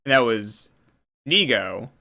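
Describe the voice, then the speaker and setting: Bright-voiced man rambling casually. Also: mid-range voice, sing-song, takes it slowly. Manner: rambling, explains trivia. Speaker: host. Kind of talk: casual chat.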